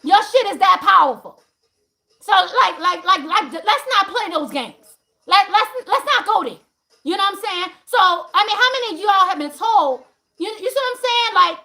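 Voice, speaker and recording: A woman's voice: very high-pitched, very animated, moderate pace, creaky, sharp tone. A woman hosting a livestream talk to viewers, emphatic and profane, laughing often as she preaches. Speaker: spiritual channel host.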